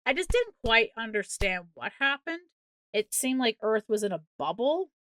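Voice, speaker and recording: A woman co-hosting a movie podcast, recounting a film's plot in casual, exasperated, animated chat with plenty of swearing. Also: fairly high pitch, normal speed, no room sound, clean studio sound. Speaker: podcast co-host.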